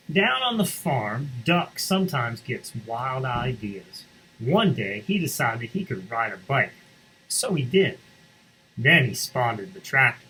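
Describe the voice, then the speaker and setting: Here a medium-pitched school reader handles morning announcements by reading a picture book to students with storybook expressiveness, stopping to explain things along the way. Slight background noise sits under a low-quality recording.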